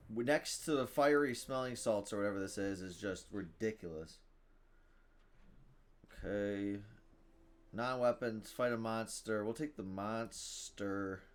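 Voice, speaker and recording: A man giving live commentary on his own game, thinking out loud, reading card text aloud and bursting into loud cheers. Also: medium pitch. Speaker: gameplay streamer.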